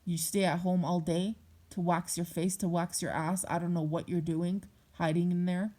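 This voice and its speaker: A woman's voice: on the low side, little pitch movement, moderate pace, warm tone. A young adult woman vlogger speaking bluntly and heatedly in a personal monologue, swearing often.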